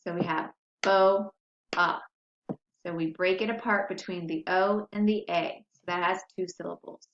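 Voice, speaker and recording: A woman's voice: medium pitch, a bit bright. Patient teacher woman in an echoey room. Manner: slow, patient, sounding out words syllable by syllable. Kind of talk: recorded spelling lesson for young children. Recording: echoey room, dull lo-fi sound.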